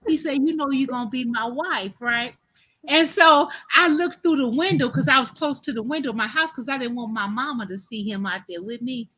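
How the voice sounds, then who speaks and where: Middle-aged woman host, AAVE, animated live-stream storyteller with a high, bright voice. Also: brisk. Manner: animated, laughing, addresses listeners as y'all. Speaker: host telling a childhood story.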